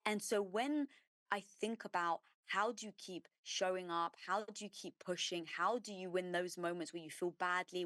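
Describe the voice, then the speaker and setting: A middle-aged entrepreneur woman, a guest on an interview show, telling her story with emphasis and lively detail. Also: lowish voice, moderate pace, no echo, studio quality. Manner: emphatic and animated, acting out her own past thoughts.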